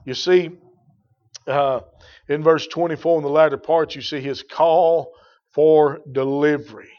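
An older man preaching a sermon in a folksy storytelling way, building to loud emphatic peaks. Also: fairly high pitch, steady tone, unhurried, long pauses. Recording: dull lo-fi sermon recording.

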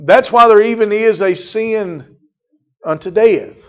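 A pastor preaches a sermon in a high-sitting voice at a slow pace, emphatic and repetitive, calling out congregation members by name. The church recording is muffled and lo-fi.

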